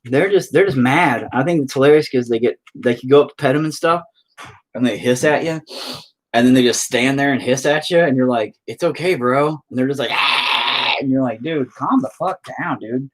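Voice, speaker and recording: A man's voice: mid-range voice, a little fast. A man livestreaming while he paints, chatting with viewers in a rambling, profane, self-mocking way. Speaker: livestreaming painter reading chat. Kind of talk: casual rambling stream chat.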